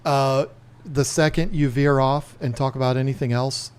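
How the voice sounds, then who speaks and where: Chatting casually on his livestreamed podcast, a host from Northern Virginia tells lively stories, often laughing and slipping into voices. His voice is smooth and medium-pitched, at a normal speed.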